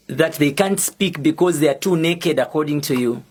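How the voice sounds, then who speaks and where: A young Zambian man with a Zambian accent, speaking as an activist in a prepared public statement, slow, deliberate and defiant. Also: on the high side, breathy edge. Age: young adult.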